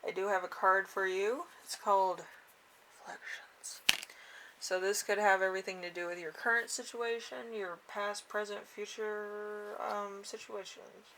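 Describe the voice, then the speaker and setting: A woman giving a casual tarot reading, halting with fillers and small laughs. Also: medium pitch, level tone, a bit bright, slight background noise. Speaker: tarot reader.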